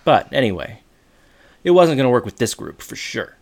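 A man co-hosting a podcast, casually retelling a TV episode with quoted dialogue and quick asides. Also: mid-range voice, big pitch swings, vocal fry, darkish tone. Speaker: podcast co-host. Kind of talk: casual chat recapping a TV episode.

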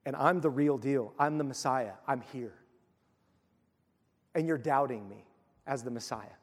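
A man voicing a hushed, indignant Jesus. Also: mid-range voice, animated, moderate pace, long reverb tail, pitched below the performer's own voice, natural voice.

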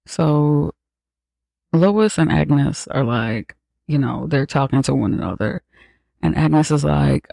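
A man's voice: fairly high pitch, creaky, mellow, slightly rough, no room sound. A man hosting a podcast, retelling a film in a casual, profane, sarcastic way. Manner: profane, sarcastic, slangy storytelling. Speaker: podcast host recapping a film. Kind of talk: casual movie recap.

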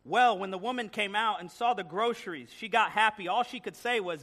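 Male guest preacher, high, bright, lively storyteller in church. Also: fairly quick, few pauses. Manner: animated storytelling with joking asides. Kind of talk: sermon. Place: church sanctuary.

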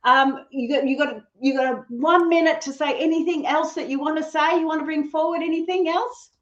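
A woman hosts a relaxed interview, her voice sitting fairly high. She talks fast and laughs easily. Her sound is roomy and a little dull, like a remote call. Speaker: podcast host. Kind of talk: casual interview chat.

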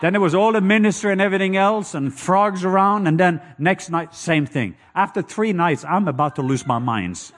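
Norwegian-accented man preaching with animated storytelling. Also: sits high, normal speed, few pauses. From Norway. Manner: animated storytelling with call-and-response; acts out sounds with loud hoots and croaks. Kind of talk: sermon.

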